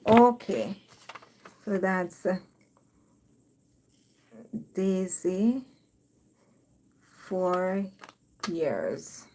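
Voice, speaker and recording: A woman's voice: fairly low pitch, big pitch swings, very slow, long pauses, dark tone, slight background noise. A woman from Jamaica with a Jamaican accent, hosting a casual live stream, reading viewer comments aloud and laughing often.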